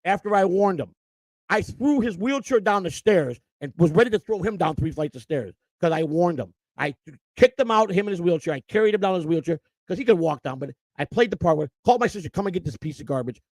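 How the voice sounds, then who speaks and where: A man's voice: sits high, lively intonation, a little fast, darkish tone, no echo, clean studio sound. A middle-aged man hosting a live stream, telling an emotional, rambling personal story and often repeating and restarting his words. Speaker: host.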